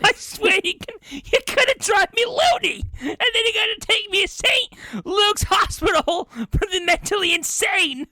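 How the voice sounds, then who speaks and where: Woman playing a shrill, ranting retired mother. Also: lively intonation, unhurried, few pauses, no echo, exaggerated voice. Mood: exasperated. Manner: shouting, scolding, near-tearful rants. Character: exasperated retired older mother, shrill and indignant.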